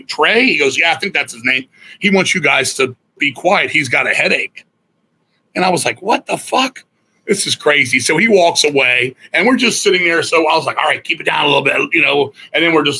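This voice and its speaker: Husky, forceful middle-aged man. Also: on the high side, low-quality recording. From Virginia, USA. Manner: profane, animated storyteller acting out other people's lines. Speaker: guest musician. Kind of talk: casual storytelling interview.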